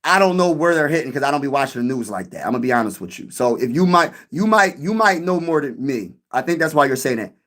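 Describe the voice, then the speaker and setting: A man hosting a casual sports live stream, chatting with viewers in an animated way and often repeating himself. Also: medium pitch, fast, few pauses. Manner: animated, repeats himself, addresses chat directly.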